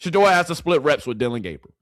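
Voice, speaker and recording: A man's voice: fairly high pitch, sing-song, fast talker, a bit bright, no echo, clean studio sound. A man ranting to his live chat as a sports commentator, repeating rhetorical questions in exasperation.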